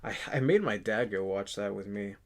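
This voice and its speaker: A man in his twenties chatting casually in a vlog, rambling and halting with lots of fillers and restarts. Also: lowish voice. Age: 20s. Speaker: channel host. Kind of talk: casual movie collection vlog.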